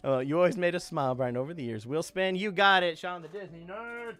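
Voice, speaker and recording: A man's voice: sits high, a little fast, a bit bright, soft background music. A young man hosting a live stream, chatting casually and reading out viewer requests. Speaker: livestream host doing voice impressions.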